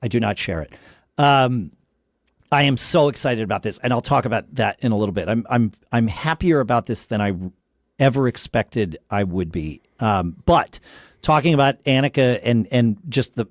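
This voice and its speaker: A man's voice: medium pitch, lively intonation, normal speed, dry recording, studio quality. A man hosting a casual podcast conversation, thinking aloud with frequent restarts and tangents. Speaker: podcast host.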